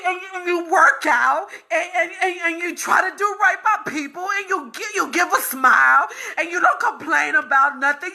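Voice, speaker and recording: A woman speaking a raw personal testimony, repeating herself and breaking between tears, laughter and shouts of frustration. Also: extremely high pitch, gravelly. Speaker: vlogger sharing her illness story.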